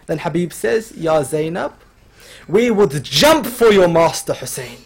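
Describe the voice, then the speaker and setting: A man's voice: a little high, animated, measured pace, creaky. A man giving a mourning sermon, telling a story and voicing its figures, his delivery growing more emotional as it goes. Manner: storytelling, quoting figures with rising emotional intensity. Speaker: religious speaker. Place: lecture hall.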